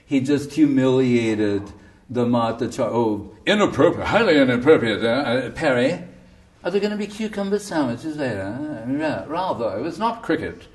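A man's voice: medium pitch, animated, normal speed, darkish tone, lightly acted. A man voicing a fussy, prim critic who sputters with shock at coarse words. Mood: scandalized.

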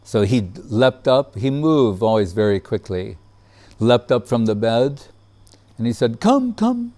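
Man, casual storytelling, low voice, mellow, unhurried, laughs often. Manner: relaxed, laughs often, acts out quotes. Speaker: devotee telling a memory.

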